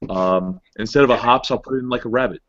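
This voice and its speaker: A man's voice: mid-range voice, a little fast. A man co-hosting a casual chat show, rambling and self-deprecating. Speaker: co-host. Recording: dull, dry lo-fi audio.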